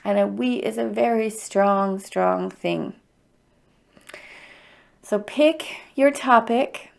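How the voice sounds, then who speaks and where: A woman's voice: medium pitch, takes it slowly, vocal fry. A middle-aged woman hosting a livestreamed EFT tapping circle, speaking in a heartfelt, openly emotional and encouraging way. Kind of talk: livestream guided tapping talk.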